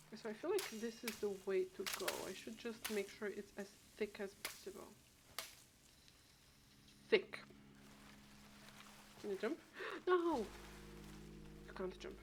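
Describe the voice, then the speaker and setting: A woman's voice: mid-range voice, unhurried, pauses often. Rambling woman streamer chatting while playing. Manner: rambling, chatty, thinks aloud with many restarts. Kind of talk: casual gameplay chat. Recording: steady background noise.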